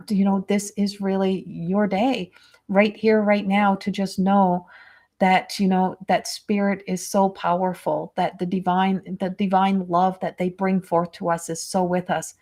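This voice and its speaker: A woman's voice: mid-range voice, a little mellow. A woman medium gives a live psychic reading in a rambling, hesitant way, piling up fillers and restarting her sentences. Her voice is tender and emotionally moved as she passes on messages. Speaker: medium and spiritual coach.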